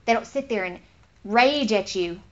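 A woman giving an informal Bible teaching in an earnest, conversational way, getting animated when she acts out what others say. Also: medium pitch, normal speed. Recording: slightly dull lo-fi recording.

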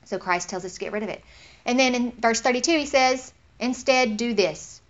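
A woman giving an informal Bible teaching in an earnest, conversational way, getting animated when she acts out what others say. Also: a little high, normal speed. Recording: slightly dull lo-fi recording.

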